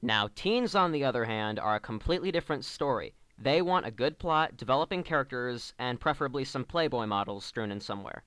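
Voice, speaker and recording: A man's voice: mid-range voice, animated, a little fast, hardly any pauses, a bit bright, smooth, no room sound. A man delivering a scripted comedic review rant as an online reviewer, sarcastic and exasperated.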